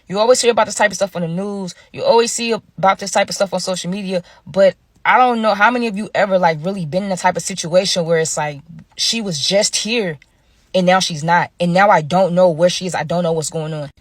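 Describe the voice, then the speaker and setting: A woman's voice: on the low side, a little fast, no echo. Woman telling a storytime, dry sound. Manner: chatty, slangy, addresses viewers directly. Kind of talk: casual storytime narration.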